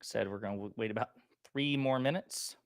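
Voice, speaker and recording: A man hosting a political commentary livestream, chatting casually and reading viewer comments, with a lingering cough that makes him clear his throat. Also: fairly low pitch, brisk, no echo, clean studio sound. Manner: loose, chatty and joking.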